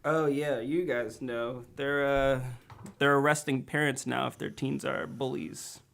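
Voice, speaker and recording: A man's voice: medium pitch, steady tone, a little slow, gravelly, fairly bright tone. A young man co-hosting a casual podcast, playfully introducing the segments. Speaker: podcast co-host. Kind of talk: casual chat.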